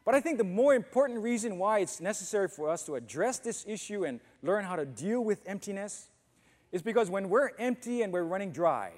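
In a church auditorium, a pastor with a high, slightly mellow voice preaches a sermon conversationally, asking the congregation questions. The recording carries the long reverb of a church hall.

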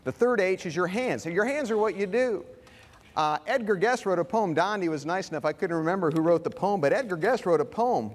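A man's voice: high-pitched, expressive, fairly quick. Folksy preacher man in a reverberant hall. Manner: folksy storytelling with humor. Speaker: pastor. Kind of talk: sermon. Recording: long reverb of a large hall.

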